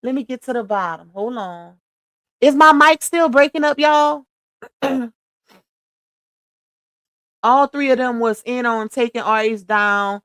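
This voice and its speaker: A woman's voice: on the high side, slow, pauses often, fairly bright tone, clear, resonant tone, dry recording, studio quality. A woman from Louisiana hosting a casual livestream, talking bluntly and emphatically straight to her viewers. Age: adult mother. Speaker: livestream host.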